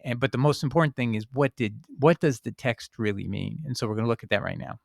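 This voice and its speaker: A man of ordinary pitch talks through scripture in an unhurried, informal way, stopping for "uh" and restarting his sentences as he thinks. The sound is close and dry, with almost no room echo. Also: gravelly. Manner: thinking aloud with fillers and restarts, reading passages aloud. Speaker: Bible teaching channel host. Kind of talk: casual spoken Bible commentary.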